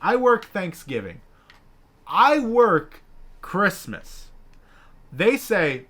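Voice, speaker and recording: A man co-hosting a casual gaming chat, telling a profane, animated story and acting out the people in it. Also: sits high, drawn-out words, long pauses. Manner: profane, animated, acts out quoted bosses.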